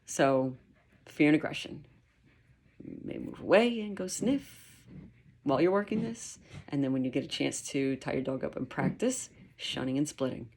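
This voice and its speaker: A woman dog trainer explaining her methods in a lively, emphatic way, sometimes acting out quotes. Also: very deep voice, moderate pace. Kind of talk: instructional talk.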